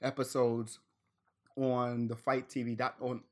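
A man's voice: medium pitch, level tone, a little slow. A man in an easygoing podcast chat, running through wrestling news with a mid-range voice. He rambles, restarts his sentences, and breaks into laughter here and there. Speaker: podcast co-host. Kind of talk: casual wrestling recap chat.

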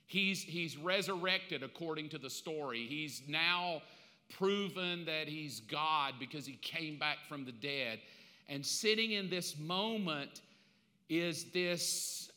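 A man in his fifties preaching a casual, conversational sermon, telling the story in an animated way with slangy asides. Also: on the high side, slow pace. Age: 50s. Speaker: pastor. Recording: long reverb of a large hall.

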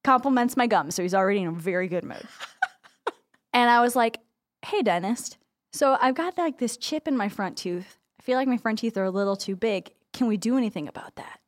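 A woman's voice: fairly high pitch, animated, brisk, no room sound, clean studio sound. A woman co-hosting a podcast, telling chatty, upbeat anecdotes in casual conversation. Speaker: podcast co-host. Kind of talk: casual chat.

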